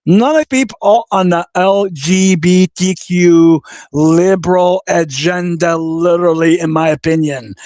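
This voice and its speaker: A man's voice: sits high, unhurried, hardly any pauses, darkish tone, no echo. A man hosting a livestream, ranting angrily and cursing, repeating his insults and reading viewer comments aloud. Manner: profane and combative, repeats insults. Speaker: livestream host. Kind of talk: angry livestream rant.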